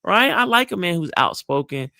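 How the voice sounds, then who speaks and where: A middle-aged male psychologist coaches his audience with a lively, swooping delivery and a gravelly edge on his lower notes. His voice sits a bit high for a man. The sound is close and dry, with no room around it. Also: normal speed, dry recording. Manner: acts out friendly greetings in a high bright voice; emphatic and repetitive, asks the audience "right?". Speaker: psychologist giving dating advice. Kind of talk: animated coaching talk with role-play demonstrations.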